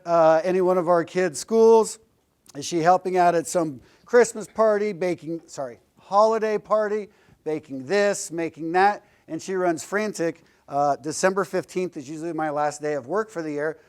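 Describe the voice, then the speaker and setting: Blunt, joking guest speaker, man, fairly high voice, casual classroom talk. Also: normal speed, clear, resonant tone. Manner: joking, blunt, lightly profane storyteller. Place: classroom lecture.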